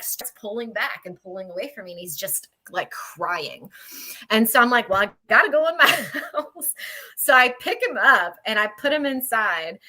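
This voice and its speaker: A woman paranormal investigator telling a story in an animated, chatty way on a video call, laughing mid-sentence. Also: a little high. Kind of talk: casual storytelling.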